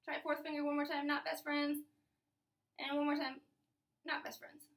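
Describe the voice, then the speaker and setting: A woman's voice: high-pitched, monotone, moderate pace, gravelly, recorded from a distance. A young woman teaching a string instrument lesson in a casual video, upbeat and playful, talking to young students. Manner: upbeat, playful, talks to kids.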